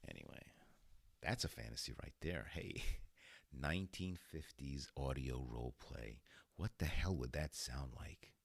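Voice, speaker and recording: A man's voice: extremely low pitch, animated, measured pace, creaky, breathy edge, no echo. A man hosting a podcast in a casual, rambling monologue, laughing often. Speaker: podcast host.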